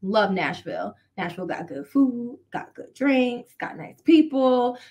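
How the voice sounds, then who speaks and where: A woman's voice: fairly high pitch, expressive, a little slow, darkish tone. A woman from the American South, a wrestler on a podcast, talking in a loose, slangy way. She laughs easily and keeps the chat playful. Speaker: guest wrestler.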